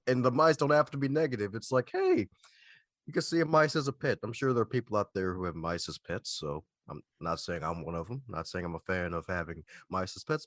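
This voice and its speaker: A man with a very low voice hosts a podcast in an excited, slangy way. The sound is dry and close, with no room echo. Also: brisk. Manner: hyped, slangy and enthusiastic. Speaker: podcast host. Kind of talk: casual interview chat.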